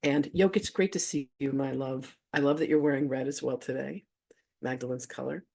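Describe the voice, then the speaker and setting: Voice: mid-range voice, fairly even intonation, normal speed, vocal fry, a little mellow. An effusive host of an online spiritual gathering tells a story in a loose, conversational way. The voice sits in a middle register. The host chuckles often and lets the odd swear word slip. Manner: effusive, gushing, cusses casually. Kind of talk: casual storytelling to an online audience.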